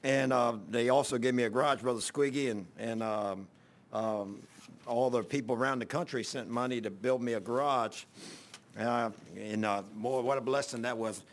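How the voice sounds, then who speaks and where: An older man pastor giving an informal sermon, telling folksy stories with loud exclamations and chuckles. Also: mid-range voice, fairly even intonation, normal speed.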